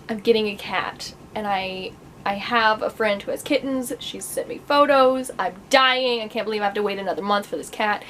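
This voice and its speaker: A woman's voice: on the high side, slight background noise, low-quality recording. Chatty young woman, rambling and giggly. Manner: rambling, chatty, laughs often, many fillers. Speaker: vlogger. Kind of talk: casual chat to camera.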